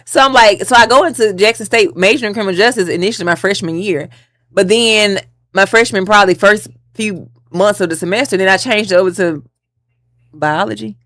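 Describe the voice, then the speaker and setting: A woman tells her story at a brisk clip. She acts out the people in it as she goes. The sound is close and dry. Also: medium pitch, no room sound. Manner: lively storyteller, acts out quoted voices. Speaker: guest attorney. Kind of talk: storytelling interview.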